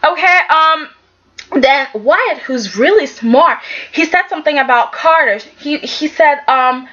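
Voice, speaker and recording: A woman's voice: high-pitched, animated, measured pace, a bit bright, muffled recording. A woman giving a casual, sassy recap of a soap opera episode, talking back to the characters.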